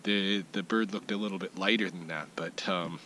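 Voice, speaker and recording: A man's voice: low voice, fairly even intonation, moderate pace, pushed and bright, low-quality recording. A man giving a casual weekly vlog update outdoors in his backyard, thinking aloud with plenty of fillers and restarts. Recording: outdoor ambient noise behind the voice.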